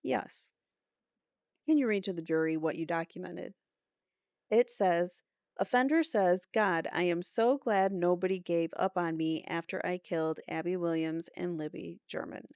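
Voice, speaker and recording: A woman's voice: lowish voice, unhurried, a little mellow, smooth, dry recording. A woman hosting a true crime show, reading court transcripts aloud and breaking off for skeptical asides. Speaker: true crime podcast host. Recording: dull lo-fi dry recording.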